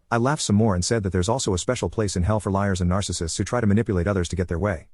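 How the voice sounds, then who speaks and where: Fast-reading husky man, dry. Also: fairly low pitch, a little mellow, no room sound. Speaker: storyteller. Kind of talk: reading a first-person online story.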